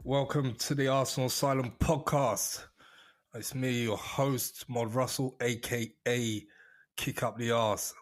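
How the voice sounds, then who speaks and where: A man hosts a football fan podcast in a relaxed, friendly way and chuckles often. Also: medium pitch, unhurried. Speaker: podcast host. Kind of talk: casual fan podcast chat.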